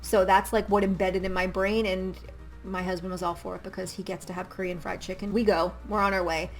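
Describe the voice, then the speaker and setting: A woman's voice: mid-range voice, a little fast, faint music behind. A young adult woman chatting candidly in a casual vlog storytime, acting out little quotes as she goes. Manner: chatty and candid, acts out quotes with a jumpy lively energy. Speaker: vlogger.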